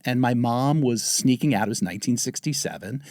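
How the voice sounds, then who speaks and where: A man in his fifties from the Bronx tells a long personal story in a relaxed interview. He talks in an everyday middle register and lifts his pitch sharply when he quotes other people. The sound is dry and close, with no room echo. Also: brisk. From the Bronx, New York. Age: 50s. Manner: animated storyteller, acts out quotes with pitch jumps. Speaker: guest, TV writer.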